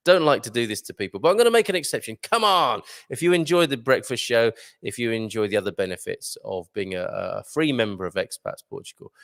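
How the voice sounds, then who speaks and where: A man's voice: mid-range voice, expressive, a little fast, vocal fry, fairly bright tone, dry recording, clean studio sound. A man hosting a live breakfast show, chatting casually and jokingly as he reads out viewer comments with many ums and uhs. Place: live broadcast from a resort venue.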